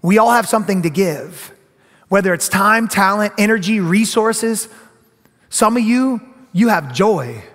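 A middle-aged pastor preaches in a large church sanctuary, speaking a little slowly in a high voice. His delivery is animated, with moments where he imitates other people, and a long reverb from the hall follows each phrase.

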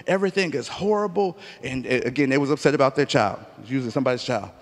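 A man preaching a sermon, telling stories with acted-out dialogue and rising to emphatic near-shouts. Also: medium pitch, quick pace. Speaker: pastor. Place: church sanctuary. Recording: long church hall reverb.

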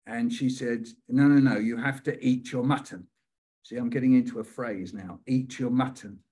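Husky older British man telling stories. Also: mid-range voice, fairly even intonation, moderate pace, mellow. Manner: playful, repeats phrases rhythmically, acts out quoted voices. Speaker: poet leading a writing workshop. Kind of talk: storytelling poetry lesson.

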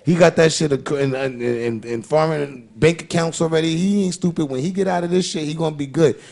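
A man's voice: a little high, a little fast, creaky. A man co-hosting a podcast in casual, heated chat, swearing freely and arguing with energy. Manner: animated, swearing, acts out quoted voices. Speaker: podcast co-host.

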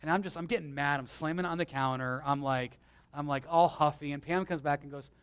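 Man preaching, fairly high voice, conversational, alternates loud emphasis and quiet asides, self-deprecating. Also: fairly quick, smooth. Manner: conversational, swings between emphatic and hushed. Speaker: pastor. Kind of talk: sermon. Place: church.

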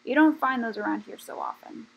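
A woman voicing a grumpy, sharp-tongued female forest creature in a storybook reading, grumbling and tart. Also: fairly high pitch, fairly quick, creaky, husky, poor audio.

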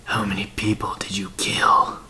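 A man voicing a vengeful, rotting dead man in a whispered role-play, speaking slowly in a hushed, menacing whisper. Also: fairly low pitch, wildly swooping pitch, full character voice.

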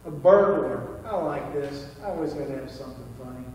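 A man's voice: medium pitch, fairly quick, a little mellow, slight background noise. A male pastor preaching a sermon in an earnest, folksy way with touches of humor. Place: church sanctuary. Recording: echoey church hall from far off.

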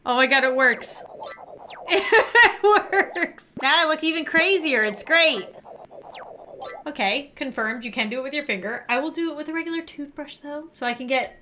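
Giggly, bright-voiced young woman vlogger. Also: sits high, brisk, faint music behind. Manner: giggly, chatty, exclaims often. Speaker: channel host. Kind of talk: casual gaming vlog.

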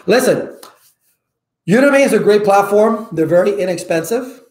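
A man who teaches IT certifications, giving viewers loud, emphatic advice in a casual way and often checking in with "okay?". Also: sits high, expressive, normal speed, echoey room. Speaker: IT certification instructor.

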